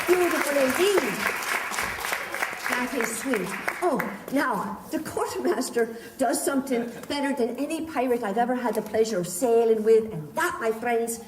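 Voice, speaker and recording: A woman performer leading a live audience through a pirate-themed participation show, theatrical and doting, calling her volunteers love and darling. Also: on the high side. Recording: echoey room from a distance, faint crowd and noise.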